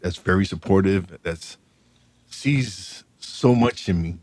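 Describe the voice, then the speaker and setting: A man hosting a podcast speaks in a very deep voice, and his words come out halting, with many repeated starts. The sound is dry and close, with no room around it. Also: a little mellow, no echo. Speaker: podcast host. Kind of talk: casual interview chat.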